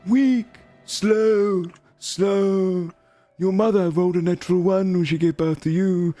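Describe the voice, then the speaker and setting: A man voicing cruel, taunting magical mirror heads in a tabletop game, mocking with slow, drawn-out insults. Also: high voice, fairly even intonation, warm tone, no room sound, faint music behind, voice pushed up. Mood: jeering.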